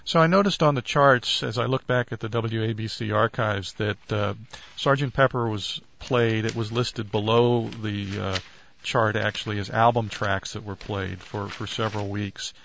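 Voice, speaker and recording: A male interviewer asking halting questions, searching for his words. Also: lowish voice, fairly even intonation, creaky, a bit bright. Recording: dull lo-fi recording.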